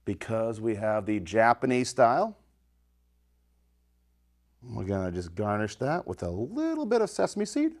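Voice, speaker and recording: A man's voice: fairly low pitch, very animated, unhurried, long pauses, darkish tone. A man hosting a home cooking video, talking casually and enthusiastically to his viewers, tasting his food and sometimes talking with his mouth full. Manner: chatty, enthusiastic, talks straight to viewers. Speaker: home cooking show host.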